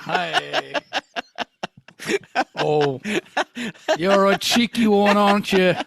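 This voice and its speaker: A man's voice: sits high, drawn-out words, creaky, a bit bright, a faint crowd, exaggerated voice. A man putting on a cheeky Cockney bloke. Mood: teasing. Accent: put-on Cockney. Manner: playful, hammy, self-mocking.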